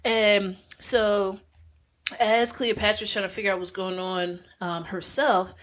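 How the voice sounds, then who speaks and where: A woman talks through a piece of history on a relaxed podcast. She keeps it loose and conversational, full of fillers, and drops into slangy quoted voices for the people in the story. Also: medium pitch, unhurried. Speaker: podcast co-host. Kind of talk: casual storytelling chat.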